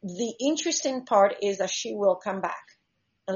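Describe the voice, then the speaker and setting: Animated woman telling stories, lo-fi sound. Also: medium pitch, moderate pace. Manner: animated, explains with vivid acted-out examples. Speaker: shark diver and conservationist, guest. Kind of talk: conversational interview storytelling. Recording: slightly dull lo-fi recording.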